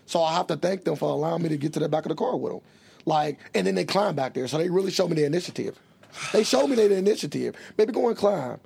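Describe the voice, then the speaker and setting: A man's voice: a little high, fast talker, vocal fry, darkish tone, slightly rough. A man co-hosting a podcast, chatting casually with boisterous, crude jokes and frequent laughter. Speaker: podcast co-host.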